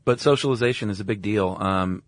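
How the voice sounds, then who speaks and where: An easygoing man co-hosting a podcast, chatty and quick to agree. His voice is notably low. The recording is close and dry. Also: dry recording. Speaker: podcast co-host. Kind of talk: casual chat.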